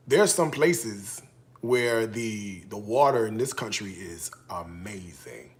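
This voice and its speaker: A man's voice: mid-range voice, roomy sound. A man from Chicago hosting a casual cooking show, chatting straight to his viewers in a playful, teasing way.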